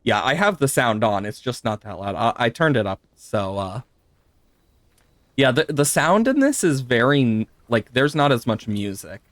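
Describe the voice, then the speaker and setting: A man's voice: medium pitch, big pitch swings, normal speed, a bit bright, no room sound. A man streaming a puzzle game live, chatting to viewers, laughing often and swearing now and then. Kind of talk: live gameplay commentary.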